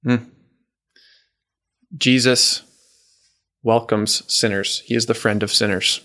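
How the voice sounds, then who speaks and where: A man coaching a men's group in a faith talk, earnest and gentle, reading out the men's answers and slowing down for the words he quotes. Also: lowish voice, fairly even intonation.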